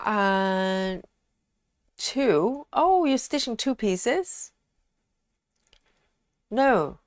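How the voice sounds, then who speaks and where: A woman hosting a casual live stream, chatting in a relaxed way and reading out viewer comments with frequent ums. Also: fairly high pitch, drawn-out words, pauses often, dry recording, clean studio sound.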